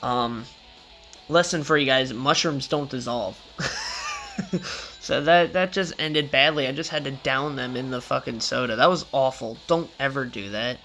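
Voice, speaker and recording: A man's voice: medium pitch, moderate pace, sharp tone, soft background music. A young man casually telling a rambling story in a vlog, with loose slangy talk and frequent swearing.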